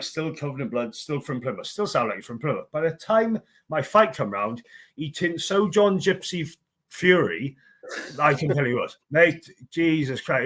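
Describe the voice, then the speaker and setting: A man with a Welsh accent, a bare-knuckle fighter telling stories in casual podcast chat, swearing often and laughing as he goes. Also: mid-range voice.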